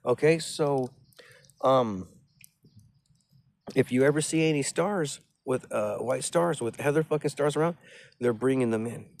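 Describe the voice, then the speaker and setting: A man's voice: medium pitch, measured pace, gravelly, long pauses, darkish tone. A man in a rambling, agitated, profane monologue who keeps repeating himself.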